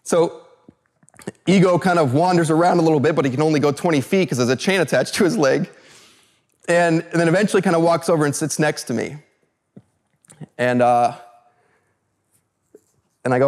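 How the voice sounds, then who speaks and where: A man from California telling a personal story to an audience, animated, with many fillers and restarts. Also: fairly high pitch, moderate pace, pauses often. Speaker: speaker.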